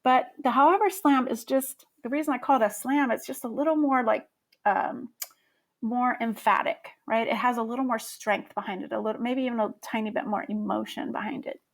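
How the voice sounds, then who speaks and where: A woman's voice: on the high side, fairly quick, vocal fry. A woman explaining grammar to middle schoolers in a friendly way, with frequent ums. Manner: friendly and explanatory, with many fillers. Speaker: teacher. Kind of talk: grammar lesson.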